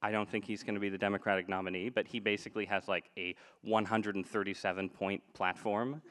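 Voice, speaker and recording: A man's voice: fairly low pitch, little pitch movement, quick pace, a bit bright. A man in his thirties, co-host of a podcast, talking in a joking, rambling way with many restarts during a live debate on stage. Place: stage before a live audience.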